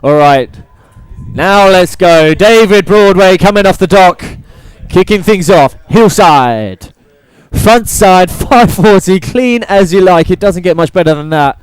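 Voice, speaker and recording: A man's voice: high-pitched, lively intonation, measured pace, clean tone, dry recording, poor audio. A man giving upbeat live play-by-play commentary at an outdoor wakeboard contest. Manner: upbeat play-by-play with trick names. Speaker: event commentator. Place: outdoor cable wakeboard park.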